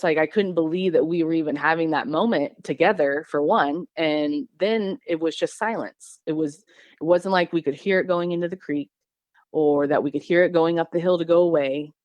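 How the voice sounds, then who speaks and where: Her voice sits low and a little mellow as this podcast guest from Missouri tells the story of her encounter. She rambles casually, starting over often and using lots of fillers, and the recording is dry.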